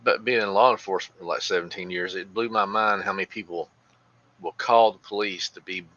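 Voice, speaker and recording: Low, bright-edged former cop. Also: male voice, steady tone, brisk. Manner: storytelling, blunt, mild cursing. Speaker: podcast co-host, former police officer. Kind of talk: casual chat. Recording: slightly dull, lo-fi sound.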